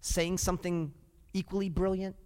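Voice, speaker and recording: A man preaching a sermon as a pastor, lively and often asking the congregation questions. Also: high voice, normal speed, clear, resonant tone, in a large hall.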